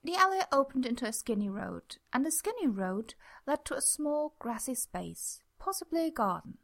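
A young woman reading a story aloud in a soft voice, dropping to a near whisper in tense passages. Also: sits high, big pitch swings, moderate pace, gravelly. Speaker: reader. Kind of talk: reading fan fiction aloud.

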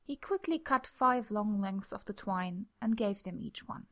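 A young woman reads a story aloud, her soft voice sometimes sinking to a near whisper in tense passages. Her tone is mid-pitched with a noticeable gravelly fry. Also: unhurried, hardly any pauses. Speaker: reader. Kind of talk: reading fan fiction aloud.

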